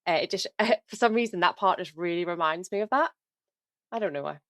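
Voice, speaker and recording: A woman's voice: on the low side, a bit bright, no echo. Enthusiastic woman chatting on her reaction vid, dry close sound. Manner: enthusiastic, chatty, pauses to comment. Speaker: reaction video host. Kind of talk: casual chat.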